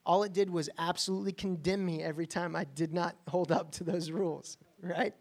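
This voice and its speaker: A man's voice: on the high side, steady tone, a little fast, gravelly. A man preaching a sermon in a conversational, emphatic way, often checking in with the listeners. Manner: emphatic, conversational, frequent "right?" asides. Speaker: pastor.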